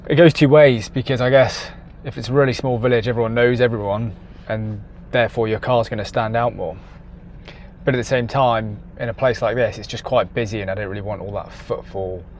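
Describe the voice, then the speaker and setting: A man's voice: mid-range voice, fairly even intonation, fairly quick, darkish tone. A man chatting casually on a travel vlog, self-deprecating and laughing at himself, recorded in a car and outdoors. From England. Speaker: travel vlogger. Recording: noisy car and outdoor background. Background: car and traffic noise.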